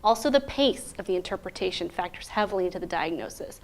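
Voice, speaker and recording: A woman teaching interpreters in a clear, methodical way, often posing rhetorical questions. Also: lowish voice, expressive, quick pace. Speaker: interpreter trainer. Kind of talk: instructional talk.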